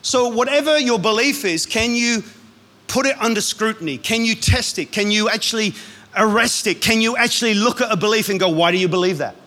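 A man, a pastor, preaching a sermon in a lively, punchy way with quick asides. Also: very high-pitched.

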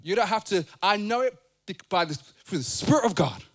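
A man delivers a sermon in a playful, conversational way, his fairly high voice leaping up and down with animation. He speaks to his church with a lively, joking energy. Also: fairly quick. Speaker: preacher. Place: church sanctuary.

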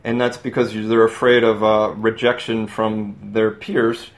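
A man's voice: lowish voice, measured pace. A man, a hypnotherapist and dentist, speaking as a guest in a casual radio interview, telling stories about his career with joking asides. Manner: relaxed storytelling, joking asides.

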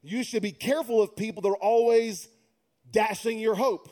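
High, mellow-voiced male pastor preaching. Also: fairly even intonation, moderate pace. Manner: humorous, conversational, builds to emphatic preaching. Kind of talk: sermon.

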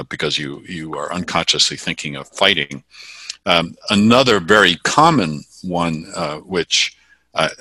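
A man with a very low voice and a sharp, forceful tone explains body-language tips. He talks in a measured way, with many fillers and restarts. The sound is dry and close. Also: no room sound. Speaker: communication expert guest.

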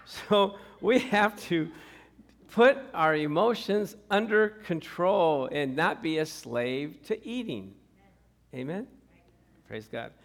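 A man's voice: on the high side, animated, takes it slowly, a bit bright. A middle-aged man preaching a sermon as pastor, telling stories and acting out the people in them, often laughing. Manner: storytelling, acts out quoted people, laughs often.

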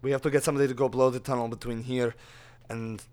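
A man voicing a worried king facing a crisis, speaking in urgent, halting bursts. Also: mid-range voice, little pitch movement, a little mellow, close to an everyday voice.

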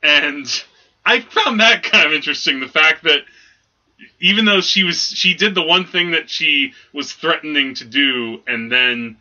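A man's voice: a little high, animated, a little slow, sharp tone. A man co-hosting a casual movie review podcast, rambling with lots of restarts and fillers. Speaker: podcast co-host. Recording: dull lo-fi recording.

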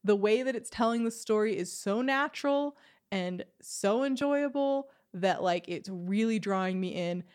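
A woman's voice: medium pitch, animated, normal speed, darkish tone, clean tone. A woman co-hosting a casual chat, rambling through her thoughts on a game with many "like"s. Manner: rambling, restarts, lots of "like". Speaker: podcast co-host. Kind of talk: casual chat about video games.

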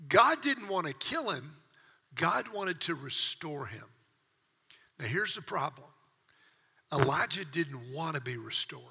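A man in his sixties preaching a sermon as pastor, dramatic, dropping to hushed asides and rising to shouts, with rhetorical questions to the congregation. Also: on the high side, animated, takes it slowly, creaky, long pauses, slightly rough. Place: church auditorium. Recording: long reverb of a large church hall.

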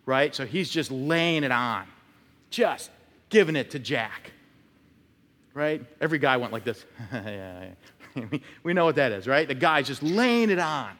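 A man's voice: medium pitch, expressive, measured pace, fairly bright tone. A male pastor preaching a conversational sermon, telling stories and acting out short quotes. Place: church sanctuary. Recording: long church reverb.

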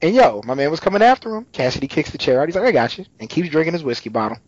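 A man co-hosting a casual chat and animatedly retelling scenes from a TV episode, with quick voices for the characters. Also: fairly high pitch, big pitch swings, dry recording. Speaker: podcast co-host recapping a TV episode. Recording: dull lo-fi recording.

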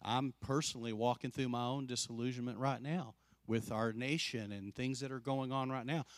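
A man preaching a sermon as pastor, telling a story with lively acted-out quotes and dropping soft and slow to drive points home. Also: medium pitch, no room sound. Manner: animated storyteller, acts out quoted voices; drops soft and slow for emphasis.

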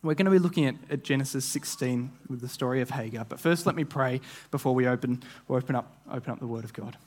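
A man's voice: medium pitch, fast, darkish tone. A young man preaching a sermon, telling a vivid story with frequent restarts and repeated words. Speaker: guest preacher.

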